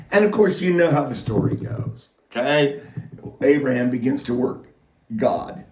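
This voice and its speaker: A man preaching a loose, rambling sermon, moving between quiet, halting prayer and loud, excited retelling. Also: medium pitch, echoey room, far from the mic, poor audio.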